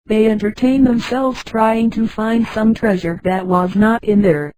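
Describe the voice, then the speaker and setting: Synthetic female narrator, fairly high, mellow dark tone, flat computer reading, reads punctuation aloud, dry close sound. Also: unhurried, few pauses, dry recording, rough recording. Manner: flat text-to-speech reading that speaks punctuation names aloud.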